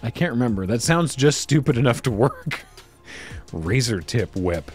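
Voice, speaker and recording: A man's voice: medium pitch, measured pace, soft background music. A man hosting a casual card pack review, reading card text aloud and making wry asides. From Canada. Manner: lively, wry, reads card text aloud then riffs. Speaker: host opening card packs.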